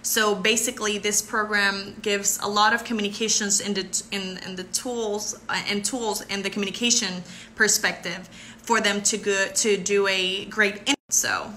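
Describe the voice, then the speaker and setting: Brief: 20s woman, live stream host, effusive and bubbly, very bright voice over faint hiss. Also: mid-range voice. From Puerto Rico. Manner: bubbly and effusive, quick to thank and laugh. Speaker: beauty pageant contestant. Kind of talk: live stream answering viewer comments.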